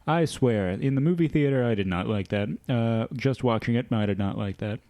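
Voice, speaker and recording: A man's voice: medium pitch, moderate pace, mellow. A young man co-hosting a podcast, recapping a film in a laid-back way with dry one-liners. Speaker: podcast co-host. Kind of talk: casual movie recap chat.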